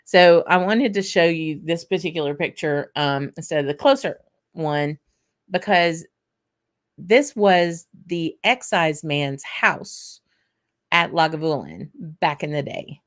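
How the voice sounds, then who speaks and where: Woman, whisky host, casual livestream chat, answers viewers by name, lowish voice. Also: expressive, slow. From Louisiana. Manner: chatty, answers viewers by name while tasting.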